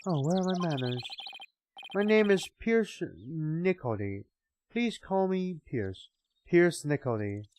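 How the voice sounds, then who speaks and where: A woman voicing a formal, fussy old male butler who speaks slowly and primly, reading game dialogue aloud on a livestream. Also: deep voice, expressive, darkish tone, slight background noise. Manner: slow, prim, formal. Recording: game music playing behind.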